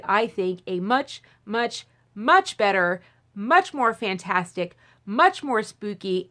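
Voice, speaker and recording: A woman talks casually to her camera about movies with a fairly high voice. She rambles, circles back and restarts her sentences, then breaks into high, giddy squeals of excitement. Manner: rambling, full of fillers and restarts. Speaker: movie vlogger.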